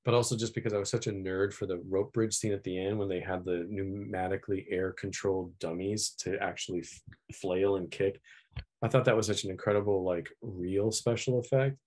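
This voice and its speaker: A middle-aged man, an animation filmmaker, talking in a relaxed, reflective way with lots of fillers. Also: low-pitched, fairly quick. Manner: relaxed, reflective, many "you know" fillers. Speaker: animation filmmaker, guest of honor. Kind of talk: casual podcast chat.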